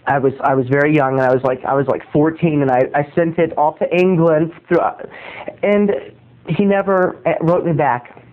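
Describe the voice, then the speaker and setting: A man hosting a comedy show, telling a rambling story with stammering restarts and sudden loud outbursts. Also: fairly high pitch, fairly even intonation, moderate pace. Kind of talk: comic storytelling monologue. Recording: tinny phone-like lo-fi audio.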